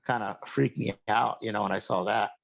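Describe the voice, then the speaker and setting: A man casually telling about a sighting of his own, in halting, rambling speech full of restarts. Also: on the low side, steady tone, gravelly, muffled recording. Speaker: guest sharing a UFO sighting. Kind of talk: casual storytelling.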